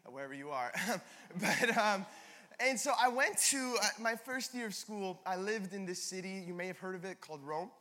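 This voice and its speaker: Bright-voiced young pastor in a reverberant hall. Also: male voice, high-pitched, lively intonation, normal speed. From Canada. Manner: conversational storytelling with self-deprecating asides. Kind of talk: sermon. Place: large church hall.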